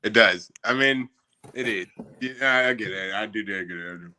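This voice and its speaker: A man with a bright, crisp voice, chatting as a guest in a laid-back, slangy way. He laughs easily and keeps the talk loose and friendly. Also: lowish voice, moderate pace. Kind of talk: casual chat.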